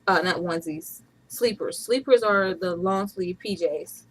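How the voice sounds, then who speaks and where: A woman in her thirties from Atlanta, USA, vlogs from home in a chatty, playful way, breaking into bursts of laughter. Her voice is fairly low and unhurried, and the recording is rough.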